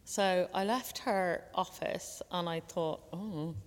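A woman telling a personal story in a reflective way, slowing down on key words. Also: lowish voice. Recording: long hall reverb.

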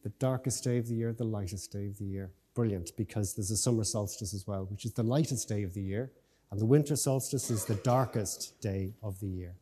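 A man leading a church service, reading a children's story aloud gently and lifting his voice for the characters. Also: fairly low pitch, a little fast, husky. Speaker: minister. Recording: long church reverb with faint music.

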